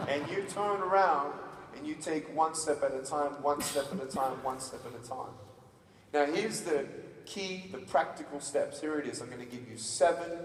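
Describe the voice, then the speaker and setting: A motivational speaker in his thirties with an Australian accent, who gives a lively stage speech, acts out scenes and calls on the audience to answer. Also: mid-range voice, a little hiss or hum. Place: large conference hall. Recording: distant, echoey hall recording.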